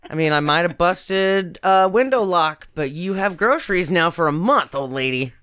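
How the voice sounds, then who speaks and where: A woman's voice: fairly low pitch, animated, moderate pace, a bit bright, smooth. A woman co-hosting a podcast, making wry, laughing asides in casual banter. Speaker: podcast co-host. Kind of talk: casual movie-review banter.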